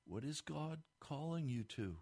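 A man preaches slowly and fervently, his voice sitting a little high as he pushes up to forceful peaks and then sinks back to a low, quiet register. It is a pastor's sermon meant for radio listeners, earnest and insistent throughout. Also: animated. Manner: impassioned preaching, rising to emphatic peaks then dropping low.

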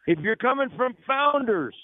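A male radio host with a high-pitched voice, pitching specials and telling jokes in an upbeat, salesman-like way. The sound is thin and phone-like, with a dry, close feel and no room sound. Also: sing-song, moderate pace, dry recording. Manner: upbeat salesman-like delivery, jokey. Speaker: radio talk show host. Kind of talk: live radio show with promotional patter. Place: on location at a restaurant.

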